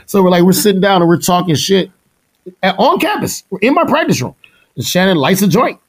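A middle-aged man from Houston, a drummer, telling stories in a casual interview. He talks in an animated way, laughs often and imitates the people he quotes. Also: high-pitched, brisk, breathy edge. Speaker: guest musician, drummer.

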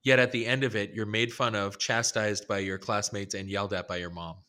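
Low, bright-voiced man with dry humor. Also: steady tone. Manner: wry, deliberate, dry humor, asks leading questions. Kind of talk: casual storytelling chat.

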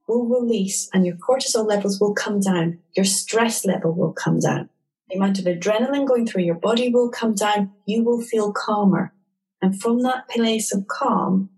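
Woman walking you through tapping points, gentle and steady, middle pitch. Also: poor audio. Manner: calm, gentle instructional talk. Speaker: tapping therapy practitioner. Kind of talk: explaining a technique in an interview.

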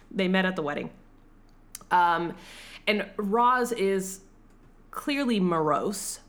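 Woman, slightly low voice, casual chat, animated retelling, laughs often, swears. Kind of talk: casual chat recapping a film plot.

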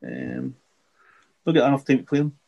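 A middle-aged man, a podcast guest, chatting casually and rambling with halting restarts and repeated words. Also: mid-range voice, wildly swooping pitch, gravelly, darkish tone, highs cut off. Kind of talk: casual interview chat.

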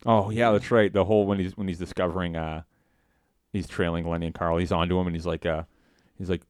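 A man co-hosting a podcast, chatting casually and rambling, breaking into excited quotes of cartoon lines. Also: sits low, fast talker, no room sound, studio quality. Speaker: podcast co-host. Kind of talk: casual chat.

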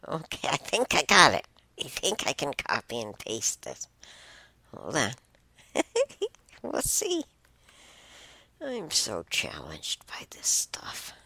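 A woman's voice: very deep voice, huge pitch swings, slow pace, gravelly, pauses often, bright, forceful tone, husky, dry recording, whispered. A woman hosting a casual solo talk show, rambling and exclaiming with chuckling asides. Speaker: host.

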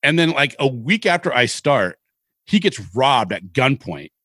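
A middle-aged man from Seattle tells long, rambling stories with animated turns and casual swearing. His voice sits mid-range and is recorded close and dry, with no room sound. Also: mid-range voice, a little slow, no room sound. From Seattle, Washington. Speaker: podcast co-host. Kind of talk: casual storytelling chat.

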